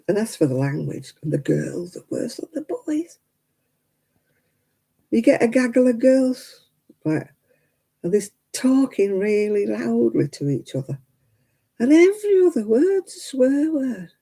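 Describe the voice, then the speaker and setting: An older woman talks casually as she hosts a crafting stream, going off on chatty, indignant rants. Her voice is husky and gravelly, with a very dark, mellow tone. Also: a little high, very animated, unhurried, long pauses, rough recording. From United Kingdom. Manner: chatty, indignant ranting with many fillers. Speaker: craft livestream host. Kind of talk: casual chat while crafting.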